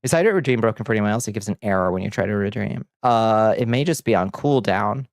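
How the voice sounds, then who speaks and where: A man's voice: fairly low pitch, lively intonation, fast, no room sound, studio quality. A man chatting casually on a livestream, reading viewer comments aloud and answering with blunt, profane jokes and frequent laughter. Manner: reads chat aloud and banters, laughing often. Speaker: streamer.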